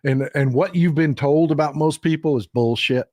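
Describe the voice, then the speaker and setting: On a dry recording, a middle-aged man with a Texan accent hosts a live stream and tells folksy stories, chatty and emphatic. His voice is on the high side and warm, and he keeps a moderate pace.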